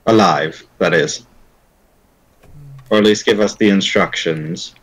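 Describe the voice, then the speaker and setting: A man with a very deep voice plays in a tabletop role-playing game. He talks hesitantly and rambles, often restarting his sentences as he feels his way through his character's words. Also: takes it slowly, poor audio. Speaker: player. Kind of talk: casual tabletop role-play.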